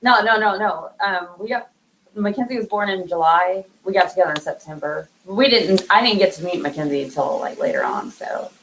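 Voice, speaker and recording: Soft-spoken woman with a drawl. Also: lowish voice, fairly quick, a little hiss or hum, rough recording. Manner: soft-spoken, trailing off with fillers and laughs. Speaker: interview guest. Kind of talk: casual remembrance chat.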